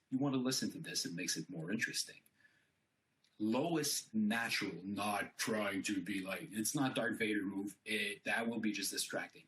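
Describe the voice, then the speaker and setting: A man gives an informal conference-style talk on voice and body language. His voice sits on the low side as he explains each point with frequent fillers. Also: a bit bright. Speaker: conference speaker. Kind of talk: informal presentation.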